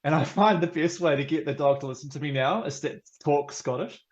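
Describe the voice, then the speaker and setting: A man's voice: a little high, fairly quick, muffled recording. Chatty New Zealand man. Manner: chatty, laughs often, many fillers. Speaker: podcast guest. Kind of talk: casual chat.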